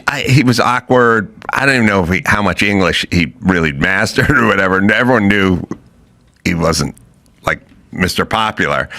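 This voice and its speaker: A middle-aged man, telling stories in casual chat as a podcast host. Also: mid-range voice. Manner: storytelling, animated, acts out quotes.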